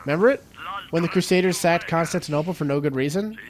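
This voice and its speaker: Man, let's play co-host, casual game talk, jokey trivia riffs, fairly high voice. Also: quick pace, a little hiss or hum. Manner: jokey, riffing on trivia tangents. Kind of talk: casual gameplay commentary.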